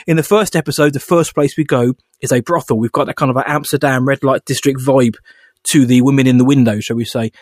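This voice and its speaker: Speaking fast in a mid-range voice with fairly even intonation, this podcast co-host is recorded cleanly in a studio with no room sound. His casual chat rambles, peppered with fillers and laughs.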